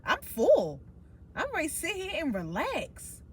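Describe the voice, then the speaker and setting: A woman hosting a casual podcast chat, blunt and profane, with animated storytelling. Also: high voice, a little slow, slight background noise. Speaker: podcast host.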